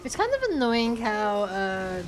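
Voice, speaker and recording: A woman's voice: mid-range voice, sing-song, a little slow, noisy background. A woman with an Australian accent, streaming and chatting casually in a giggly, rambling way as she reads out viewer comments. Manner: giggly, rambling, with restarts and fillers. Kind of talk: casual chat reading out viewer comments while gaming.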